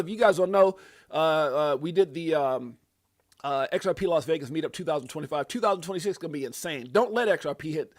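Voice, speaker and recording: A fired-up male host running a live crypto show, his voice sitting a bit high for a man. He jumps into loud, hyped bursts full of slang and repeated words. The sound is dry and close, with no room echo. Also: quick pace. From Brooklyn, USA. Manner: excitable, loud bursts of hype, slang, frequent repeats and laughs. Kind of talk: live crypto market commentary.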